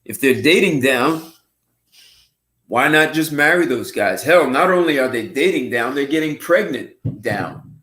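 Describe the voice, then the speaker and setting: A man hosting a casual livestream show, talking in an unhurried, musing way with frequent restarts and throat clearing. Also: medium pitch, expressive, a bit bright. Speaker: host. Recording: roomy echo.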